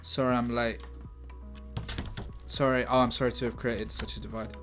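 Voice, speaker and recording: A man's voice: mid-range voice, flat delivery, normal speed, a bit bright, soft background music. A man casually brainstorming aloud on a livestream, thinking through options, trying out lines and answering his chat. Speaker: livestream writer.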